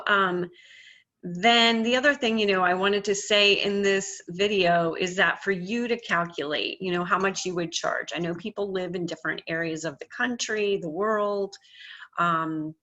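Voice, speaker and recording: A woman's voice: lowish voice, sharp tone. A middle-aged woman hypnotherapist giving a casual, earnest business lesson to camera, speaking with confident emphasis. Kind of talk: casual instructional talk to camera. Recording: dull lo-fi audio.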